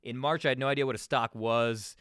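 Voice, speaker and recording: A man's voice: medium pitch, steady tone, brisk, fairly bright tone, dry recording, clean studio sound. A man hosting a solo podcast, rambling casually and swearing, often restarting and trailing off. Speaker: podcast host.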